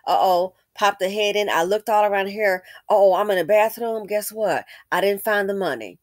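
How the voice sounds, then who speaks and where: A woman's voice: mid-range voice, moderate pace, no room sound. Emphatic woman commentator, dry sound. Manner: emphatic, repeats points, asks rhetorical questions. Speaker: commentary channel host. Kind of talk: casual commentary on an ad.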